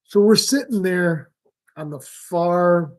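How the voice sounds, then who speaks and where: A man's voice: high-pitched, takes it slowly. A middle-aged man hosting a fishing live stream, chatting casually and telling rambling stories with fillers. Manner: relaxed rambling storyteller with frequent fillers and laughs. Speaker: fishing show host.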